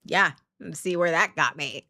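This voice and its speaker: A woman's voice: sits low, a little slow, pushed and bright. A woman, streaming a candid, profane monologue and laughing often. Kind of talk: casual livestream monologue.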